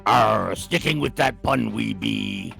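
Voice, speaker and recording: A man's voice: lowish voice, expressive, slow, gravelly, sharp tone, soft background music, full character voice. A man voicing a cheeky male pirate sidekick who growls in pirate-speak. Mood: joking. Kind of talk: comic pirate persona on a finance show.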